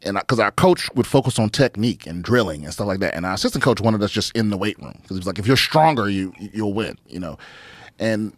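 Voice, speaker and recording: A male podcast guest chatting loosely in a studio, recorded dry with no echo. His pitch rises and falls in a lively way, and he swears and restarts his sentences often. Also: fast. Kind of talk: casual studio chat. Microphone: studio microphone.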